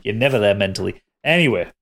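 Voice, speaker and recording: A man's voice: on the low side, lively intonation, quick pace, a bit bright. Man running a tabletop game. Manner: rambling, restarts mid-sentence, laughs with players. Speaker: game master.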